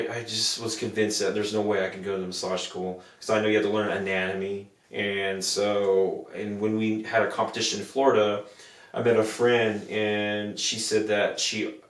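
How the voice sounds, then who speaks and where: A man's voice: on the low side, distant mic. Young man, podcast co-host, earnest rambling storyteller, roomy echo, a bit off the mic. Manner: earnest, rambling, acts out quoted voices. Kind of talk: casual storytelling chat.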